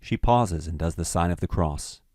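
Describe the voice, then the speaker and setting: A man narrating a screenplay's stage directions in a measured, matter-of-fact way. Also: deep voice, a little mellow, no echo, clean studio sound.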